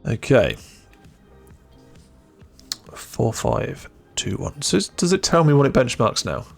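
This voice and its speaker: A man's voice: mid-range voice, wildly swooping pitch, slow, creaky, soft background music. A man streaming a game live, chatting casually and muttering jokes to himself.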